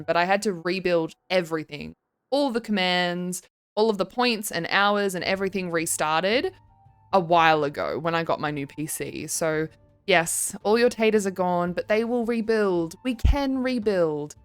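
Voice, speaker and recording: A woman's voice: mid-range voice, a bit bright, smooth. A young woman streaming and chatting casually, reading her chat aloud and giggling often. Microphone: desk microphone.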